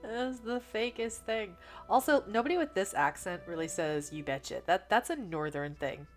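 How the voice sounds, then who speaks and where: A woman's voice: mid-range voice, normal speed, faint music behind. A woman streamer giving chatty, rambling let's play commentary, thinking aloud as she plays. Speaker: gaming streamer.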